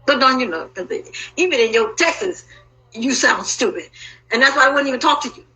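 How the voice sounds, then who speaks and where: High, lively, bright-voiced woman ranting. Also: brisk, poor audio. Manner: agitated, profane and rambling, with sudden loud outbursts. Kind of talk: emotional personal monologue.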